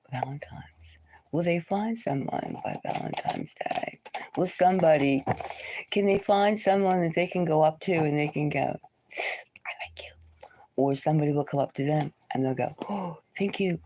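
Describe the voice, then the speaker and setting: A woman hosting a live tarot reading, talking in a rambling, conversational way and sometimes dropping into soft whispers. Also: on the low side, a little hiss or hum. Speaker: tarot reader. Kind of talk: live-stream reading, casual talk.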